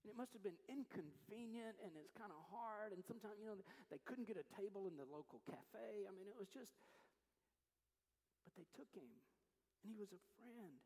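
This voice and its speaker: A man preaching a sermon, telling a scripture story with animated energy and acting out the voices of the people in it. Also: sits high, normal speed, long reverb tail, poor audio. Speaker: pastor.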